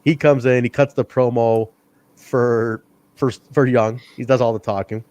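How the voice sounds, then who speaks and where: Speaking at a measured pace with no echo around him, the male co-host of a relaxed wrestling review podcast narrates animatedly, laughs often, swears, and voices quoted lines higher than his normal tone.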